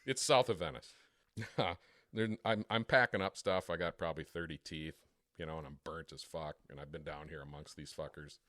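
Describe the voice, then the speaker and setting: A man co-hosting a podcast, telling a crude, profane story with plenty of swearing and quick imitations of other people. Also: rumbling low, steady tone, a bit bright, dry recording, clean studio sound. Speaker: podcast co-host. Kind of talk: casual storytelling chat.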